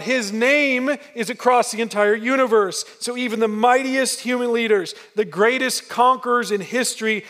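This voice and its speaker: A man's voice: high-pitched, a bit bright, in a large hall. A man preaching a sermon as pastor, telling a story with emphasis and frequent restarts.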